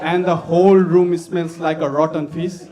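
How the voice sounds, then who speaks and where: A man's voice: on the high side, little pitch movement, moderate pace, background noise. A man doing crude, raunchy stand-up at an open-mic night in slightly broken English. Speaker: stand-up comedian. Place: comedy club stage with audience. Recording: live club sound with crowd.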